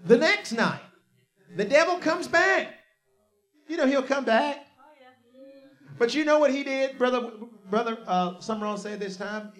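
A male preacher with a notably high voice delivers a storytelling sermon. He drops to low, quiet phrases and then bursts into loud, shouted lines. He leads the congregation to repeat his words back. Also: animated, measured pace, long pauses. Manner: call-and-response with the congregation.

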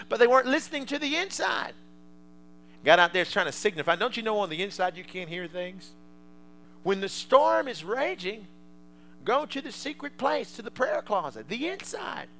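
High, bright-voiced fervent preacher man. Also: very animated, normal speed, low-quality recording. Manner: fervent, swings from soft asides to loud shouting. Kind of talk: sermon.

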